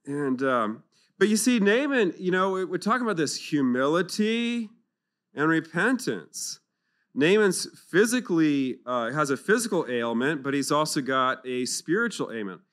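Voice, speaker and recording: Bright-voiced man giving a lively talk. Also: fairly high pitch, normal speed. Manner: animated, jokey, acts out the biblical figures in funny voices. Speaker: speaker at a clergy retreat. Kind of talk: lively retreat talk on scripture. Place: conference hall.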